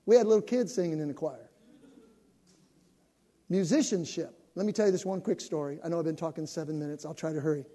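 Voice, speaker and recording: An older male pastor making an animated appeal to his congregation, building up to shouting. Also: on the high side, quick pace, long pauses. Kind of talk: sermon announcement to a congregation. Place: church sanctuary. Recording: long reverb of a church hall.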